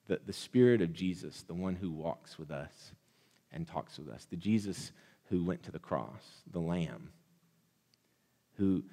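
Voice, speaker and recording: Impassioned male pastor in a reverberant hall. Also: sits low. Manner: builds to impassioned, loud repeated blessings. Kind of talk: sermon.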